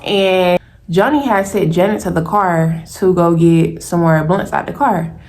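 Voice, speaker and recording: A young woman in her twenties telling a personal story to her viewers in a lively, casual way, calling them y'all. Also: on the low side, measured pace. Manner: animated, talks straight to viewers as y'all.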